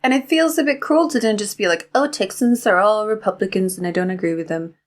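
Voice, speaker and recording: A woman's voice: medium pitch, brisk. Chatty woman co-host, lots of "like". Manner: chatty, animated, many "like"s. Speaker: podcast co-host. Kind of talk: casual chat.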